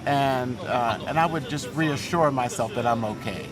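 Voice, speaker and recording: A man who directs opera and choral studies, answering thoughtfully in a relaxed interview and pausing often. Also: mid-range voice. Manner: thoughtful, hesitant, with fillers.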